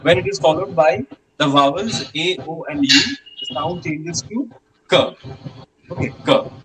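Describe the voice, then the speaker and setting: A man's voice: a little high, animated, a little slow, fairly bright tone, poor audio. A man teaching a French class, patiently repeating questions and sounds with many hesitations.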